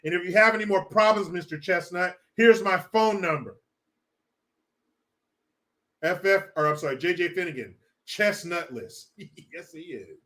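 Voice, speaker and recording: A man's voice: high voice, measured pace, sharp tone. A man hosting a casual livestream, reading chat and ranting with lots of profanity and laughter. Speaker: live stream host.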